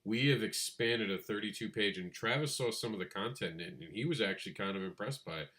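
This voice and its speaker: In a laid-back podcast conversation on crowdfunding comic books, this male co-host laughs easily and stays lively. He imitates other people using a high voice.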